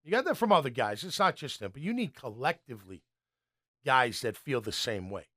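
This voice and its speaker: A man who played pro football, now hosting a casual sports talk show and telling stories animatedly, sometimes dropping to a low mutter. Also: brisk. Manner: animated storyteller, acts out coaches' yelling. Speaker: former NFL player turned sports talk host.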